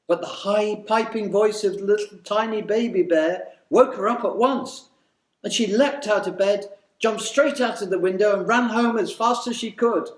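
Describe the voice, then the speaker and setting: A man reading a children's storybook aloud in a slow, animated, sing-song way. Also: high-pitched. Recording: echoey room.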